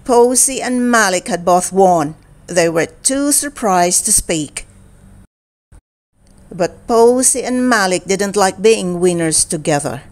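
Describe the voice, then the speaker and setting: A woman reading a children's picture book aloud in an expressive storytelling manner. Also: medium pitch. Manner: slow, expressive and animated reading. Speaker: storybook reader.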